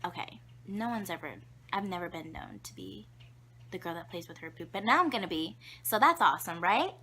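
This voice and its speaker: A woman's voice: lowish voice, very animated, a little fast, bright, forceful tone, slight background noise. A young woman telling embarrassing childhood stories to camera, chatty and giggly, with lots of fillers and whispered asides. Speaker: vlogger. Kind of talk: casual storytelling to camera.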